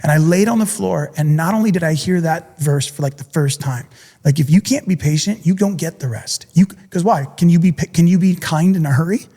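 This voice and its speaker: A middle-aged man speaks with an intense, earnest drive, slipping quoted thoughts into his story. His voice sits on the high side for a man. The sound rings with a long reverb in the room. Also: brisk, warm tone. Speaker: podcast guest, coach. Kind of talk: candid interview talk.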